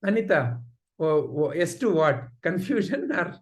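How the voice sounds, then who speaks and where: A man teaching an online class, telling a story in a lively, conversational way over a video call. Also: a little high, a little slow.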